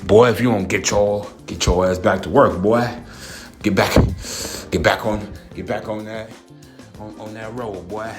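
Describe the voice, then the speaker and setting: A man's voice: lowish voice, fairly even intonation, measured pace, soft background music, lightly acted. A man doing an impression of a stern boss who scolds an employee, repeating "boy" as he bosses him back to work. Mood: scolding.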